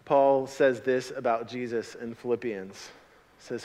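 A middle-aged man preaching a sermon as a pastor, animated, swinging from loud emphatic lines to quiet asides. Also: mid-range voice, measured pace. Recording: long hall reverb.

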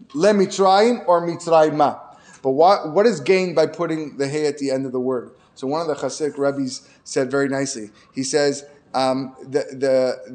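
A man teaching a Torah lesson in a storytelling way, with Hebrew terms mixed in and growing emphatic as he makes his points. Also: medium pitch. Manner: storytelling, grows emphatic and louder when making points; frequent restarts and fillers, sprinkled with Hebrew terms. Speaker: rabbi.

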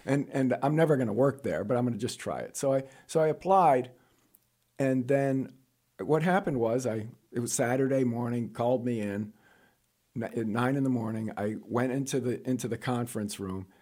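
A middle-aged man from New York telling stories of his career as an interview guest, jokey and animated, jumping up in pitch for punchlines. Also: moderate pace. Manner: animated, jokey storyteller with sudden high-pitched asides. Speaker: guest, college administrator. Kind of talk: casual storytelling interview.

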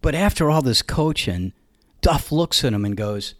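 A man with a New York accent telling a funny story in a casual, animated way, laughing now and then as he goes. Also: mid-range voice, moderate pace, dry recording, clean studio sound.

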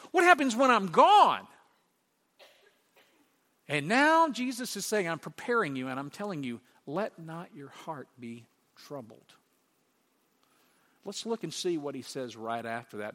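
Male pastor, bright forceful voice, sermon in a reverberant church, rising emphatic questions. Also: a little high.

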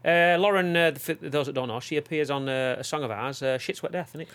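Brief: male podcast co-host, rapid rambling banter, frequent laughs. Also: a little high, fairly bright tone, clear, resonant tone. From England. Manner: jokey, laughs often, rambling. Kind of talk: casual chat. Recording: noisy room with a train passing outside.

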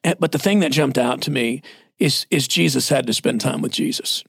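A male pastor in his forties shares stories in a casual church podcast, plainspoken and self-deprecating. His voice is gravelly with a husky grain. The sound is dry and close. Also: medium pitch, fairly quick, no echo.

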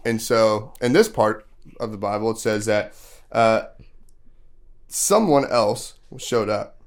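A man's voice: lowish voice, takes it slowly. Man casually telling children a story. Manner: casual, asks the kids questions; loose storytelling with many fillers. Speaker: podcast host. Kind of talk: retelling a Bible story to children.

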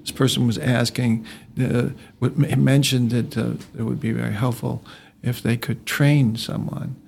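A man's voice: mid-range voice, flat delivery, moderate pace, gravelly, darkish tone, slight background noise. A man hosting a casual discussion podcast, rambling with many restarts and telling anecdotes and jokes. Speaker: podcast host.

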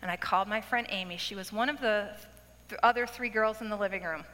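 Middle-aged woman preacher, bright tone, lively storytelling sermon, big hall echo. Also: medium pitch, fast. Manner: animated storytelling with acted-out quotes. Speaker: speaker at a women's event. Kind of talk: testimony sermon. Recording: long hall reverb.

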